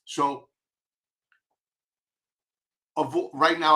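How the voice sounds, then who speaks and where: His voice fairly high, bright and forceful at a moderate pace, a Long Island-accented market commentator gives emphatic, blunt takes on stock charts. He repeats his warnings several times.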